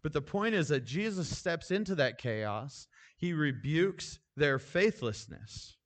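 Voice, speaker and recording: A man's voice: a little high, animated, slow. A man preaching a sermon in a conversational, informal manner, with casual asides and frequent restarts. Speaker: pastor.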